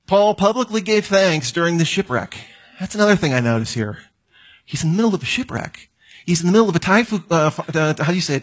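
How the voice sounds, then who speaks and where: A man's voice: high voice, animated, fairly quick, fairly bright tone, husky. A man preaching a sermon, telling stories and acting out the voices of the people in them. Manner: storytelling, acts out quoted voices. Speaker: pastor.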